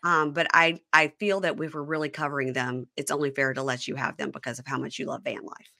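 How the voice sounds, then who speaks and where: A woman's voice: sits low, steady tone, fast talker, gravelly, pushed and bright. A woman hosting a podcast in a casual, sarcastic chat, sometimes reading an ad. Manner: chatty, sarcastic, mimics people. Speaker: podcast host.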